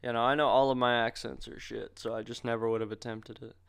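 A man co-hosting a podcast in casual, profane chat, joking and quick to argue. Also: mid-range voice, level tone, creaky, fairly bright tone, clean tone. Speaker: podcast co-host.

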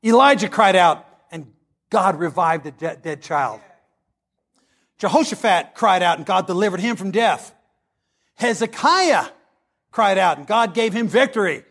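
Male pastor, high-pitched voice, impassioned sermon, dramatic scripture reading. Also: animated, measured pace, a bit bright.

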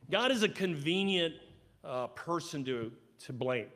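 Animated man preaching a sermon. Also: fairly high pitch, measured pace. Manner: animated, acts out quoted voices, swings loud and soft. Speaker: pastor. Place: church sanctuary.

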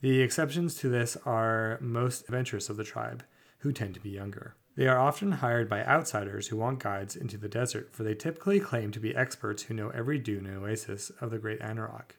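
A man co-hosting a tabletop podcast, reading fantasy lore aloud at a measured, slightly halting pace. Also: on the low side, vocal fry. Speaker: podcast co-host.

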